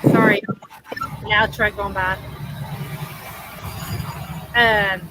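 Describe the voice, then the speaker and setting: A Southern woman hosts a casual livestream, her voice bright and lively and pitched on the high side. She laughs easily and lets her thoughts trail off with ums. She sits outdoors in the shade of an awning with a faint hum of ambience behind her, and the recording quality is low.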